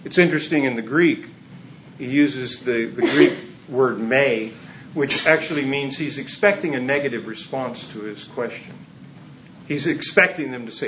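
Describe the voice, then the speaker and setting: A man's voice: medium pitch, moderate pace, a bit bright, dull audio. A man preaching a sermon in a conversational, humorous way, chuckling as he goes. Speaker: pastor.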